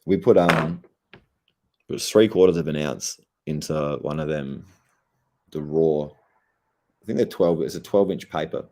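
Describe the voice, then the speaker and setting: A man's voice: very deep voice, measured pace, long pauses, mellow. A young Australian man, stoned and laid-back, rambling and swearing heavily in a casual livestream chat. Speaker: streamer.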